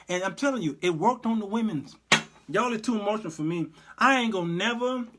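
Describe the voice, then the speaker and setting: A man's voice: high voice, lively intonation, fairly quick, a bit bright, slight background noise. A middle-aged man hosting an online talk show, chatting casually, laughing often and mimicking people as he comments. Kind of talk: casual commentary show reading live chat.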